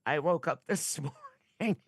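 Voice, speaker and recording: A woman's voice: sits low, unhurried, breathy edge, dry recording, clean studio sound. A woman co-hosting a podcast, bantering casually and laughing often. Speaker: podcast co-host. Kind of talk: casual chat.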